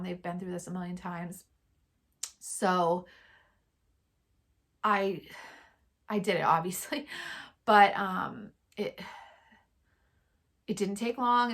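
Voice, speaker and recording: A woman in her thirties telling a personal story in a casual, chatty vlog, quoting others in lively bursts. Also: medium pitch. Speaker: vlogger.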